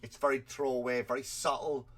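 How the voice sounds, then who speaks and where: A male comedian holds forth in a loose, rambling rant, swearing freely and breaking into laughter. He has a cold, and his voice sits at an ordinary middle pitch. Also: little pitch movement, brisk, fairly bright tone. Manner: rambling, profane, laughing at his own stories. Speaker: comedian and podcast host.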